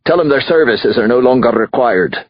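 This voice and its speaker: A man voicing a drunk, rude, wealthy middle-aged father who shouts and sneers, in an audiobook. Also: mid-range voice, expressive, brisk, dry recording, lo-fi sound, voice pushed up, lightly acted. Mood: gloating. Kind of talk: audiobook character voice.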